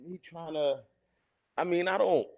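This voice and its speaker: A man's voice: on the high side, a little slow, lo-fi sound. A man who is a comedian guest, telling a self-mocking story in a laid-back way, with lots of slang.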